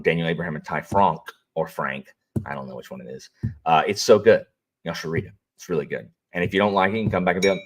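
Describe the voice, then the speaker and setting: Deep-voiced male streamer, lively swings in pitch, rambling and chatty with viewers. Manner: rambling, chatty, greets viewers, frequent fillers and restarts. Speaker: audiobook narrator and livestream host. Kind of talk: casual livestream chat.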